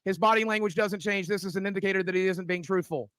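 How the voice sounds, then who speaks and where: A man reading stream chat aloud, quick and high-pitched, blunt and dry, with some swearing. The sound is close and dry with no room in it. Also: steady tone, a bit bright, no echo. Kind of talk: reading viewer comments on a stream.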